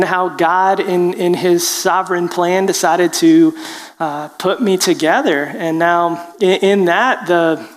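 A man, a preacher telling a personal story in an animated, self-deprecating way with halting restarts. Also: sits high, in a large hall. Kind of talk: storytelling testimony.

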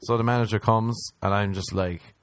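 A young man with a fairly low, fairly even voice casually tells a rambling, profane anecdote at normal speed, voicing the other people's lines himself. The recording has no echo.

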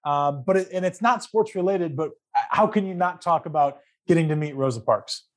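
A man's voice: on the high side, expressive, moderate pace. A man interviewing a guest, asking long, rambling questions and sometimes searching for words.

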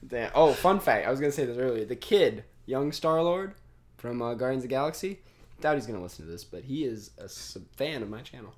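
A man's voice: medium pitch, lively intonation, fairly quick, a little mellow. A young man hosting a casual podcast chat, rambling and trailing off, laughing often. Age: young adult. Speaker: podcast host.

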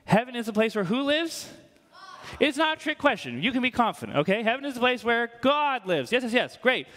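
A man preaching a sermon in church, animated and conversational, quizzing the congregation. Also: very high-pitched. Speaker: pastor. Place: church hall. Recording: long hall reverb.

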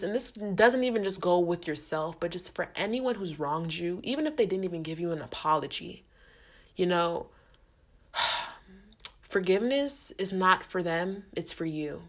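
A woman hosting a faith-based podcast in casual, earnest talk, using slang, repeating herself and speaking straight to her listeners. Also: on the low side. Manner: earnest, repetitive, slangy, addresses listeners directly. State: getting emotional. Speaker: podcast host.

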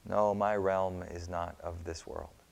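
A man voicing a quiet, calm prisoner. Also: low-pitched, vocal fry, exaggerated voice. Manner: quiet, measured. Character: calm soft-spoken condemned prisoner, man. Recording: long hall reverb.

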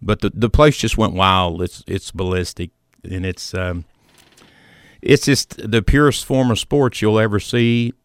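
A man hosting a sports talk show, telling a story in a measured way with plenty of fillers. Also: lowish voice, clear, resonant tone, dry recording, studio quality. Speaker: sports radio host.

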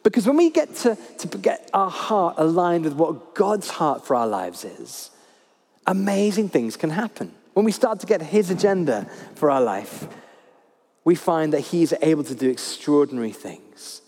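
A man preaches in a high, lively voice that swoops up and down as he stresses each point. He repeats his key phrases to drive them home. The sound rings with the long reverb of a church hall. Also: normal speed. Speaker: pastor. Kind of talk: sermon.

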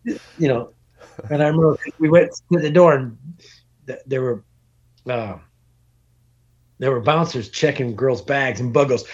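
A middle-aged man with a husky, breathy voice tells an old road story in loose, animated chat. He swears freely and laughs through the telling. The recording sounds dull and lo-fi, like a home podcast setup. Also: medium pitch, measured pace, long pauses. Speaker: podcast guest. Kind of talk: casual storytelling.

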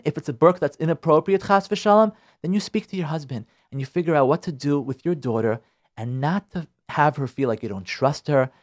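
A man preaching as a rabbi, his voice high and swinging widely in pitch. He repeats himself for emphasis and slips into quick mock voices of nagging spouses. It sounds like a radio talk. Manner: animated, repeats phrases, acts out nagging spouses. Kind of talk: lively sermon on marriage. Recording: radio broadcast.

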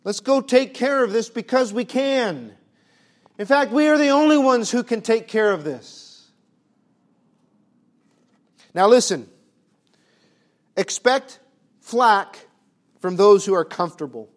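A man preaching a sermon with emphatic rhetorical questions, swinging from booming lines to hushed ones, with a folksy turn of phrase. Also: animated, takes it slowly, long pauses.

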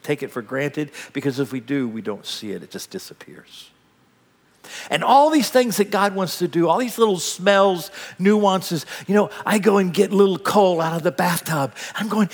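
An older man preaching a sermon, telling stories with big swings between loud bursts and hushed asides. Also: high voice. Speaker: pastor. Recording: long hall reverb.

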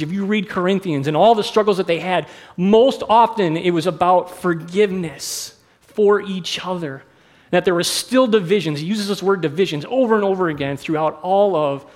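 A middle-aged male pastor with a notably high speaking voice delivers a sermon. He talks candidly and conversationally and pokes fun at himself as he moves from personal anecdote to scripture. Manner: candid, conversational, self-deprecating.

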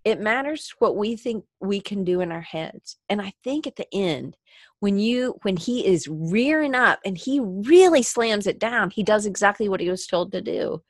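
A woman hosting a podcast speaks expressively at a normal speed in a mid-range voice, recorded with studio quality and no room sound. Through tears, she rambles in a heartfelt motivational monologue, stopping to restart and leaning on filler words.

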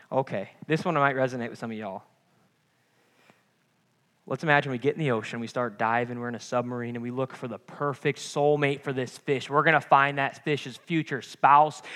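Passionate preacher, echoing church hall. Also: male voice, fairly high pitch, a bit bright. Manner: passionate, rising and falling preaching with call-outs; casual, playful asides to the congregation. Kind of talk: sermon.

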